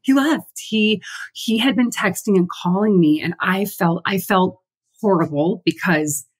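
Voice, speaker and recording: A woman co-hosting a podcast, telling a travel story in casual chat, animated and swearing casually. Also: medium pitch, measured pace, slightly rough. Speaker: podcast co-host.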